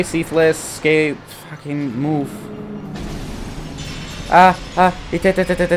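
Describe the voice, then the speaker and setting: A young man giving profane, frustrated commentary while playing a video game, muttering and then yelling. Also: a little high, steady tone, slow pace, a little hiss or hum. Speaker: gaming YouTuber. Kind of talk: profane live gameplay commentary.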